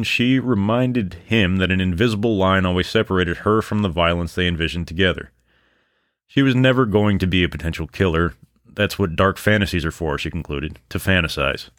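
A man's voice: low-pitched, dry recording, clean studio sound. A man hosting a true-crime podcast, narrating the case and breaking off into sarcastic, profane asides. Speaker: podcast host. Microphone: microphone on a stand.

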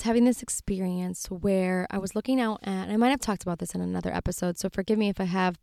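A woman in her thirties speaks earnestly on her faith podcast. Her voice is smooth and resonant, with a tender, heartfelt delivery. It is recorded dry and close, with no room sound. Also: mid-range voice, a little mellow, dry recording. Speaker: podcast host.

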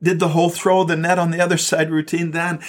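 A man preaching a sermon with a slightly high voice. He tells the story in an earnest, conversational way, and he often trips over his words and repeats them as he goes. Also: flat delivery, quick pace. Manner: earnest storytelling with frequent stammered word repeats. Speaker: pastor.

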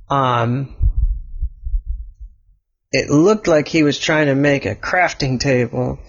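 A man's voice: mid-range voice, creaky. A man improvising a block-game story, rambling and restarting his sentences. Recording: dull lo-fi recording.

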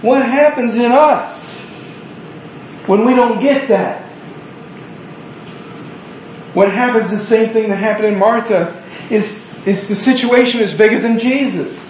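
A man with a high voice preaches earnestly and conversationally, leaning on words for emphasis. His voice rings through a reverberant room. A faint hiss sits underneath. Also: measured pace, a little mellow. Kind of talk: sermon. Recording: echoey room.

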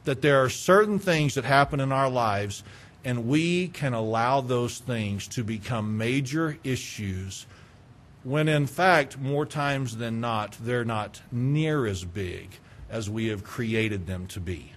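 A middle-aged male pastor preaching a sermon, animated, swinging between loud urging and quiet asides. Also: medium pitch, measured pace, slight background noise.

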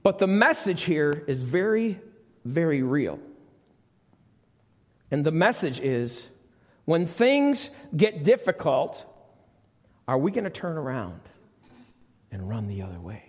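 Male preacher with a lively, reverberant voice. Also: on the high side, takes it slowly, long pauses. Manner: conversational, asks the congregation questions. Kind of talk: sermon. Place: church sanctuary. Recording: live church recording with long reverb.

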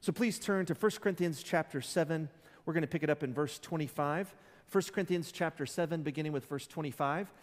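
A man preaching a sermon as pastor, conversational, with joking asides. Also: a little high. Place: church sanctuary. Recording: long reverb in a church hall.

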